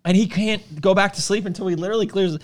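A man's voice: sits high, quick pace. A man chatting casually, telling a loose story full of fillers. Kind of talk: casual chat.

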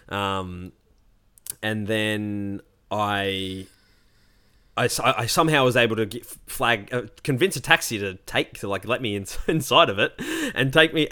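A man's voice: fairly low pitch, pushed and bright. A man co-hosting a podcast in casual chat, telling a rambling, self-mocking story. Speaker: podcast co-host.

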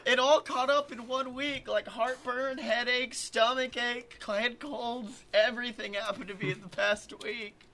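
A man with a head cold talks through casual podcast banter, loud and swearing freely. His voice sits high and sounds bright and sharp. A faint background hum sits under the recording. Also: steady tone, measured pace, hardly any pauses. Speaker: podcast co-host.

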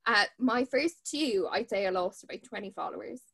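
A woman's voice: medium pitch, expressive, moderate pace, creaky, fairly bright tone, husky. An Irish woman hosting a podcast, chatting casually with frequent "um" and "like". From Ireland. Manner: conversational, frequent "um" and "like". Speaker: podcast host.

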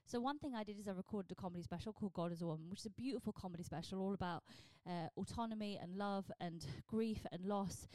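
A woman's voice: medium pitch, fast, hardly any pauses, no echo. A woman, a stand-up comedian talking blunt and sweary in a casual solo podcast. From southern England. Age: 40s. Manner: blunt, sweary, animated with comic asides.

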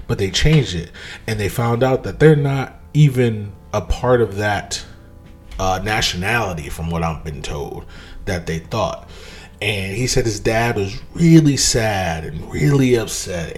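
A man talking in a casual monologue, emphatic and animated, with sudden jumps in pitch when he drives a point home.

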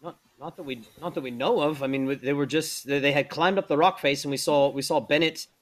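A man's voice: on the high side, brisk, lightly acted. A man voicing an anxious ship officer who stutters constantly while trying to reassure his captain.

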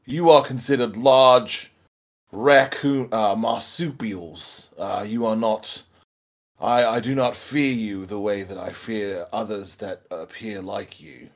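A man's voice: on the low side, fairly even intonation, slow pace. Pete, a man putting on a stammering Aussie parakeet. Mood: flustered. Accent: put-on Australian. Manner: nervous, stammering, pedantic about animal names. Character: chatty small male parakeet from Australia. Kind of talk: tabletop role-play.

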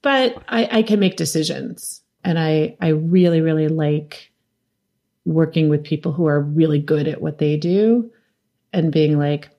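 Appearing as an interview guest, a middle-aged woman who directs documentaries speaks in a low, dark voice at a measured pace. Her anecdotes are lively, with frequent laughter and impressions of the people she quotes.

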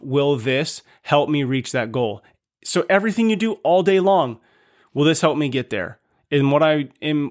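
A man in his thirties hosting a podcast, talking earnestly and casually to listeners, asking them lots of questions. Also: a little high. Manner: earnest, conversational, asks listeners many questions. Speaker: podcast host. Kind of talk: casual motivational monologue.

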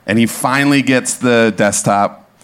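A man in his thirties from Minnesota tells an animated comic story live on stage, laughing and acting out the quotes. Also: mid-range voice, a little slow, slight background noise. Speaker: guest storyteller. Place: club stage before a live audience.

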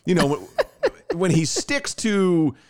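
A man co-hosting a podcast, chatting casually and telling stories with quick asides. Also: sits high. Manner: animated storytelling, fast asides. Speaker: podcast co-host. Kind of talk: casual chat.

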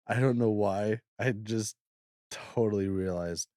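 A man's voice: lowish voice, fairly even intonation, measured pace, mellow, dry recording, studio quality. A man co-hosting a casual book podcast, laughing often and talking with many fillers and self-deprecating asides. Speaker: podcast co-host. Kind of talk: casual chat about a book.

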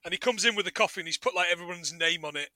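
Male podcast co-host, high and animated, sharp bright tone, casual and profane. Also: racing, no echo. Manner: animated, laughing, swearing, retells scenes. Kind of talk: casual chat recapping a TV show.

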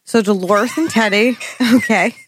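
A woman co-hosting a podcast episode recap in casual chat, giggly and animated as she retells scenes. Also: a little high, measured pace, a little hiss or hum. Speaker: podcast co-host.

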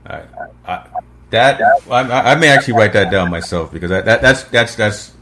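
A man hosting an interview, speaking in a halting way and repeating words as he forms his questions. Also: fairly low pitch, animated, sharp tone. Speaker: interview host. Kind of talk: casual interview conversation.

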